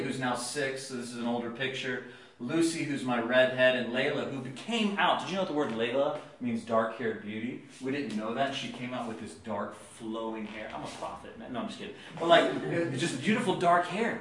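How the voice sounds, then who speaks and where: A man in his thirties preaching a sermon, telling family stories with big swings from hushed to loud. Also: mid-range voice, reverberant. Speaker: pastor. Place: church.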